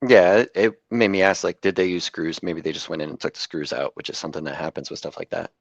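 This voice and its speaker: A man's voice: deep voice, steady tone, fast, creaky, no room sound, highs cut off. A man co-hosting a football podcast, easygoing and chuckling often, hedging with "like" and "I think". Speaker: podcast co-host. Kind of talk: casual chat.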